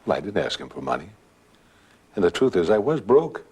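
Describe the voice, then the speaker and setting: An older man, casually telling a personal story in a relaxed way and acting out what others said. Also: deep voice, fairly quick, breathy edge. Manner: relaxed storytelling, acts out voices. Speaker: guest storyteller.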